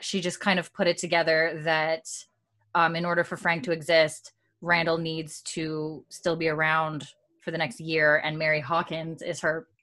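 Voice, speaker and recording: A woman's voice: lowish voice, fairly bright tone. A woman hosting a casual chat show, retelling scenes and acting out the characters' lines. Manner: storytelling recap, acting out quotes, laughing often. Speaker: podcast host recapping a show.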